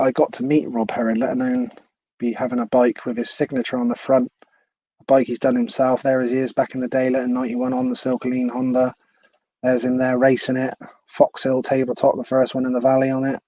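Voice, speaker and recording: A man's voice: mid-range voice, mellow, no room sound, muffled recording. A man hosting a casual live stream at home, chatty and laughing at himself. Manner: chatty, laughs often, self-deprecating. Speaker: livestream host.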